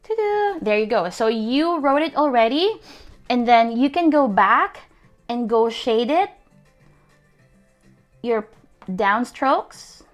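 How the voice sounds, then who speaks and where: A young woman leads a casual online calligraphy class, talking slowly and with a pitch a touch above the usual. She laughs easily and encourages her viewers as she demonstrates. Faint music sits behind her voice. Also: animated. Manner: chatty and encouraging, laughs often, many fillers. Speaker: calligraphy workshop teacher.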